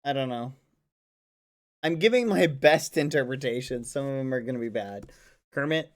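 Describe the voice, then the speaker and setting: A man chatting casually with his stream chat in a relaxed, joking way. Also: medium pitch, normal speed, long pauses.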